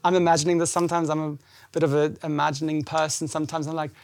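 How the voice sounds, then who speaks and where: With a fast, high-leaning voice touched by vocal fry, a pastor preaches at a church service in a dry recording. He keeps the sermon conversational and animated, acting out the lines of scripture.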